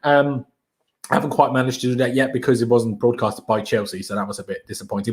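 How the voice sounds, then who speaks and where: An Austrian livestream host, a young native German speaker, chats casually and hypes up his viewers with energetic slang. He talks fast at a medium pitch.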